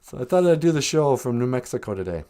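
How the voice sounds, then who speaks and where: A man hosts a casual live stream and tells joking childhood stories. His voice swings up and down, and he speaks at a middling pitch from an outdoor back porch. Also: big pitch swings, fast, dark tone. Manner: joking storyteller, laughs often. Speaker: podcast host.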